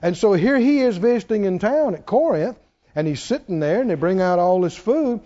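A preacher man delivers a sermon in a high, lively voice that swoops up and down. He's folksy and keeps laughing, dropping into low mock voices to play people. The recording sounds dull and lo-fi. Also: brisk.

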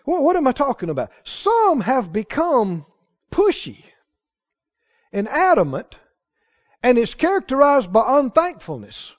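A man's voice: very high voice, wildly swooping pitch, a little slow, pauses often. Man, sermon, emphatic preacher, questions to the congregation, muffled lo-fi recording. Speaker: pastor.

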